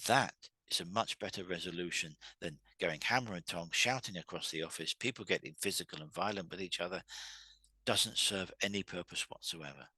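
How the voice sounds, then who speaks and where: A man's voice: deep voice, brisk, bright, forceful tone, breathy edge, no room sound. A man hosting a solo talk on workplace communication, conversational and full of restarts, acting out quoted arguments with raised voices. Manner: acts out quoted dialogue with raised, heated voices. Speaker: host.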